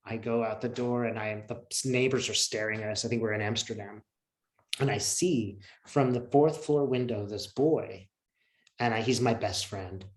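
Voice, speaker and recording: A man in an interview, telling a personal story in an earnest, emotional, reflective way with many pauses and fillers, heard over a video call. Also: fairly low pitch. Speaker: interview guest. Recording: roomy echo.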